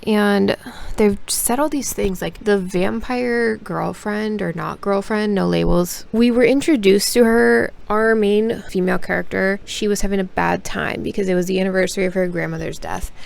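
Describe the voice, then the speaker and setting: Gravelly-voiced woman ranting about a book. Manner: rambling, frustrated ranting with many "like" fillers; bursts into loud, high exasperated outbursts. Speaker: book vlogger. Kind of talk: casual reading vlog review.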